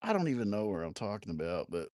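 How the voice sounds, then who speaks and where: A man's voice: fairly low pitch, big pitch swings, fast talker, darkish tone, no echo, clean studio sound. Rowdy, laughing man telling bar stories. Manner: rowdy, profane, laughing through his stories. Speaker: live streamer telling stories. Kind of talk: casual storytelling.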